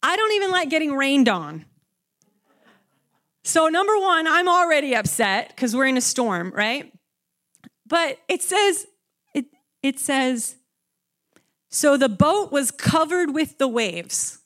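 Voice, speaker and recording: Young woman preacher, slightly high voice, lively conversational sermon delivery. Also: slow pace, long pauses. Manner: animated, conversational, acts out the disciples with rising pitch.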